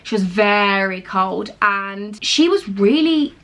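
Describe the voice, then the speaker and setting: A woman's voice: mid-range voice, animated, slow, a bit bright. A young woman, telling a storytime to camera at home in a chatty, emphatic, gushing way. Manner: chatty, emphatic, gushing, talks straight to viewers. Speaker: vlogger. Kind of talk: casual storytime chat to camera.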